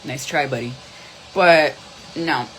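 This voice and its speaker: A woman's voice: deep voice, slow, fairly bright tone, a little hiss or hum, low-quality recording. A woman doing a live tarot reading, blunt and profane, switching between English and Spanish. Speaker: tarot reader.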